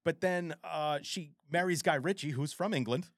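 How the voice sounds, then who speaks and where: A man co-hosting a podcast in casual chat, animated and rambling, with frequent swearing. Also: fairly high pitch, moderate pace, dry recording, clean studio sound. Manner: animated, profane, rambling storyteller. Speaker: podcast co-host.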